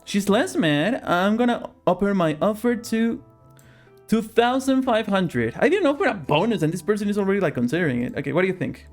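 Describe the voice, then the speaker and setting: A man's voice: sits high, animated, brisk, faint music behind. A man streaming himself playing a game, chatting casually and haggling jokingly with the characters on screen. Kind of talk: casual live-stream commentary while gaming.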